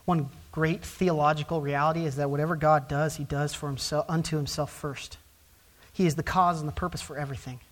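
A man preaching a sermon from the pulpit. His delivery rises to loud, emphatic stresses on key words and then drops back to low, quiet phrases. The pace slows for emphasis and speeds up for asides. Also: steady tone. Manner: emphatic preaching with wide swings from soft to loud. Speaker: pastor.

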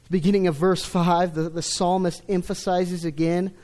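A middle-aged man preaching a sermon, stressing key words loudly and then dropping to a hush. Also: sits high, level tone, normal speed. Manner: emphatic, swings between loud stresses and hushed lines. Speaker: pastor.

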